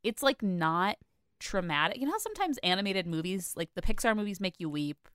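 A woman chats casually as a podcast co-host, her pitch swinging all over as she gushes. Her voice is smooth and resonant, and it sounds dry and close. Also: fairly quick, dry recording. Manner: animated, gushing, filler-heavy. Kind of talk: casual chat.

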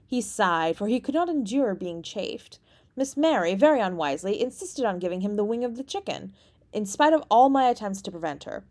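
Woman reading a story, measured. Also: medium pitch, animated, darkish tone. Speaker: audiobook reader. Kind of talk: scripted narration.

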